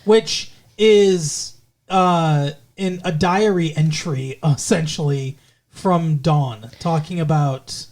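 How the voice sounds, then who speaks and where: A middle-aged man co-hosts a podcast, rambling through casual chat full of jokes and sometimes breaking into song. His voice is on the high side, slow and a little mellow.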